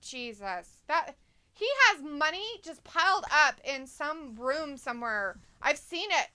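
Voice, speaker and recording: A woman with a high-pitched, sharp, lively voice co-hosts a casual live wrestling watch-along stream, speaking unhurriedly. She reads viewer comments aloud, giggles often between remarks, and teases her co-host.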